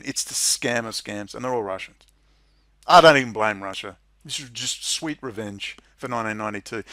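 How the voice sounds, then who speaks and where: A man's voice: medium pitch, dry recording. Sarcastic man ranting from a dry room. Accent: Australian. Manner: sarcastic, mocking, swings into loud incredulous laughter. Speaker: political commentator. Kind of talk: monologue reading and commenting on legislation.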